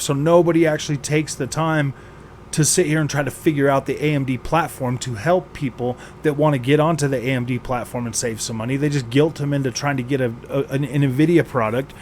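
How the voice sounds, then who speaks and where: A man's voice: on the high side, normal speed, darkish tone, slight background noise. A man hosting a gaming channel, venting with exasperation, sighing and repeating himself as he rants. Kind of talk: frustrated venting vlog.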